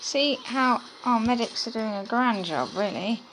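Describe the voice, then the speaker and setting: A woman's voice: fairly high pitch, measured pace, heavy background noise. A tired woman giving casual, chatty gameplay commentary to her viewers. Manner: chatty, many fillers, addresses viewers as guys. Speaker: mobile game YouTuber.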